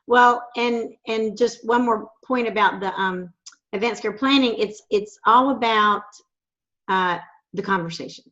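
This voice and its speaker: Woman interviewer, measured and earnest, mid pitch, dull lo-fi audio. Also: a bit bright. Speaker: host. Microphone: video call.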